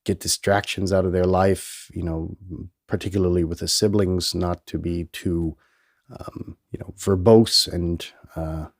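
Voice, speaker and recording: A man's voice: deep voice, fairly even intonation, unhurried, no room sound, clean studio sound. A man hosting a solo podcast in a rambling, profane, self-amused way, still a bit nasal from a cold. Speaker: podcast host. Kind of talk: casual solo podcast monologue. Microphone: headphones and studio mic.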